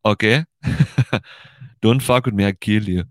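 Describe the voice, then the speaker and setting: A man's voice: on the low side, takes it slowly, dry recording, studio quality. A man briefly mimicking a defiant, brusque shop-owner woman who talks bluntly and bossily. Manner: blunt, bossy.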